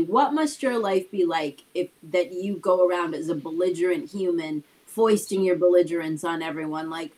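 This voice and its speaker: A woman's voice: mid-range voice, rough recording. A woman hosting a casual talk show, explaining her points earnestly and checking in with "right?". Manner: earnest, talks things through with repeated "right?". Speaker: host.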